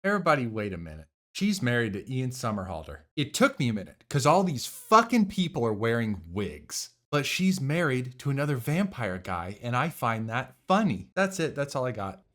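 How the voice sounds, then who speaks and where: A man giving casual live commentary on a film he is watching, sarcastic, profane and animated. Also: mid-range voice, moderate pace, few pauses. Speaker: movie reactor.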